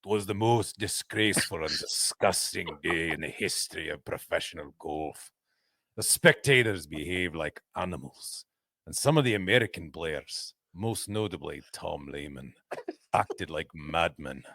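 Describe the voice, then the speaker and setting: A man doing a put-on Scottish accent as an outraged older Scotsman, slow and indignant. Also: low-pitched, animated, vocal fry, pushed and bright, no room sound, voice pushed down, heavily acted. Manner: slow, grave, indignant delivery.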